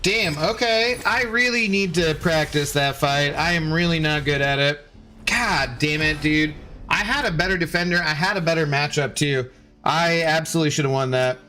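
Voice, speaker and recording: A man's voice: on the high side, normal speed, sharp tone, faint music behind. A man streaming a video game, chatting casually with his chat, reading messages aloud and cursing at his own mistakes. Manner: chatty, reads chat aloud, swears when losing. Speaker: gaming streamer. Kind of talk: casual live-stream commentary.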